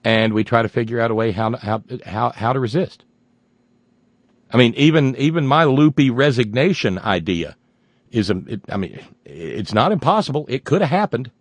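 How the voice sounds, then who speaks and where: A man's voice: medium pitch, lively intonation, normal speed, dry recording. Sardonic folksy male radio host. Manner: sardonic, folksy, bursts into loud exclamations. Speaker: radio talk show host. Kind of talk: political talk radio commentary.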